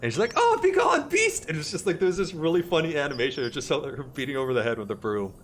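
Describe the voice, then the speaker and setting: While streaming a horror game, a man with a medium-pitched voice talks very fast and casually to his viewers, greeting chat and laughing easily. The stream audio includes game music and slight background noise.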